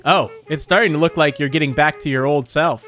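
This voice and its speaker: Man reading creepy doting mother from a horror game, high voice, faint music under. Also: fairly quick, a bit bright, natural voice. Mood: sweetly unsettling. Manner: reads game dialogue aloud in plain voice. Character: eerie doting mannequin mother, female, middle-aged.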